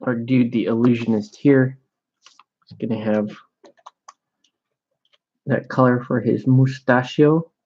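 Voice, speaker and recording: A man's voice: mid-range voice, fairly even intonation, slow pace, long pauses, a little mellow, highs cut off. A man chatting casually while painting miniatures, laid-back and joking, swearing now and then.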